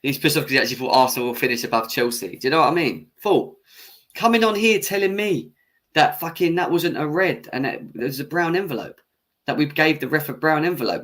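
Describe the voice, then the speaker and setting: A man's voice: fairly high pitch, expressive, fairly quick, a bit bright. Heated man ranting to chat. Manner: heated, swearing, arguing with chat; laughs off his own bias. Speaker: football fan channel host. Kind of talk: live-stream match reaction rant.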